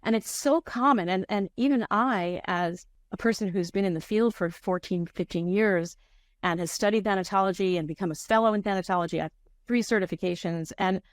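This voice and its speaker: A woman's voice: mid-range voice, brisk, no room sound, studio quality. A middle-aged woman working as a grief counselor, answering interview questions in a candid, searching way with frequent restarts.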